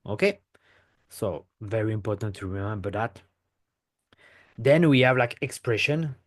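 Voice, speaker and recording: A man's voice: lowish voice, lively intonation, a little slow. French man explaining things step by step. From France. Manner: explains step by step, often checks in with "okay?". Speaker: French teacher. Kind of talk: pronunciation lesson to camera.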